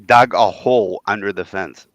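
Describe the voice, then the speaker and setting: A man in his forties, a podcast co-host telling a story in lively casual chat and acting out quoted voices. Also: on the low side, normal speed, no room sound, lo-fi sound.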